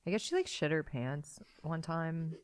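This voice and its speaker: Low-voiced young woman, sweary and casual. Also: big pitch swings, normal speed, a little hiss or hum. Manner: loose, sweary, filler-heavy talk. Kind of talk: casual storytelling chat.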